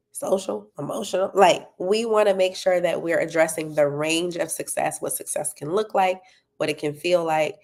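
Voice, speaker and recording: Gravelly-voiced woman coaching parents. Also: on the low side. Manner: encouraging, checks in with listeners often. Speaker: parenting coach and tutoring business owner. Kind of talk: talk to parents, promoting an event.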